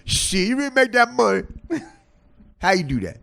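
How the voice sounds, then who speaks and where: A man voicing a loud, blunt office clerk woman who curses and questions everything in disbelief. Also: sits high, very animated, normal speed, gravelly, pitched above the performer's own voice, full character voice. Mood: demanding. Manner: blunt, cursing, incredulous.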